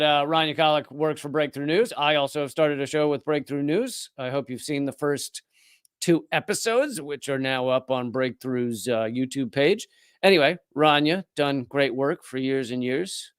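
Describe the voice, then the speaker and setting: A man's voice: fairly high pitch, clear, resonant tone, no echo, studio quality. A man hosting a live political commentary show, speaking indignantly with sarcastic asides.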